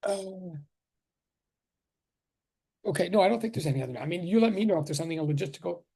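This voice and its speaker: A man's voice: high-pitched, lively intonation, fairly quick, creaky, dark tone, husky. A man teaching a physics class on a video call, chatting and greeting students one by one with many restarts before the lesson. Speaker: physics professor. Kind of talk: casual online class greeting.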